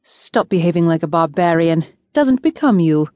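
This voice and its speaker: A woman voicing an indignant young nobleman who presses his cousin in a forceful, urgent voice. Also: on the low side, lively intonation, moderate pace, dry recording, studio quality, close to an everyday voice.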